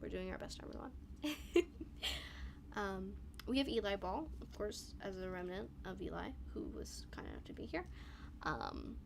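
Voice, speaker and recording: A young woman is casting an esports match live on her own, talking in a chatty, bubbly way and laughing at herself. Her voice sits in a middle pitch for a woman. She mixes quick explanations of the picks with cheerful asides. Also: slight background noise. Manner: chatty, bubbly, self-deprecating, laughs often. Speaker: esports commentator. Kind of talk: solo live esports commentary.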